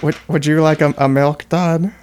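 A man in an improvised comedy sketch, talking in a deadpan, halting way and sounding uninterested. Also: on the high side, clean tone.

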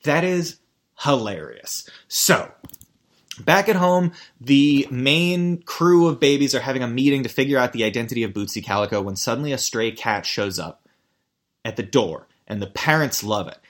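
A man's voice: medium pitch, animated, moderate pace. A man recapping a cartoon episode in casual chat, rambling, restarting sentences and amused. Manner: rambling, self-interrupting, amused. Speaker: podcast host recapping a cartoon.

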